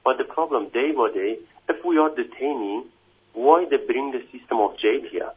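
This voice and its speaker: Man on a tinny phone line, halting English. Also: medium pitch, breathy edge. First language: not English. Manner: halting non-native English, full of restarts and "you know what I mean". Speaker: immigration detainee giving an interview. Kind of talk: emotional phone interview. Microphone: phone call.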